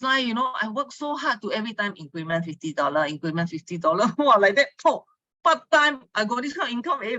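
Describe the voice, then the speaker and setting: A woman's voice: a little high, pushed and bright, no room sound, low-quality recording. A woman with a Singaporean English accent telling her story to a team in a casual online talk, chatty and full of local particles. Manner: chatty storytelling, Singlish particles, frequent laughs; asks listeners for agreement. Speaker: speaker giving a testimony to a team.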